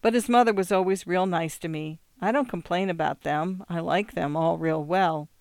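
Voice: mid-range voice, normal speed, dry recording, clean studio sound, lightly acted. A narrator voicing a nervous young farm woman who pleads and rambles, in an audiobook reading. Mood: pleading. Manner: earnest, anxious, rambling.

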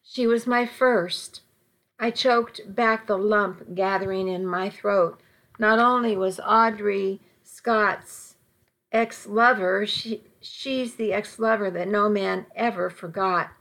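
A woman narrating a first-person story in an audiobook, in a measured, quietly tense manner. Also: medium pitch, fairly even intonation.

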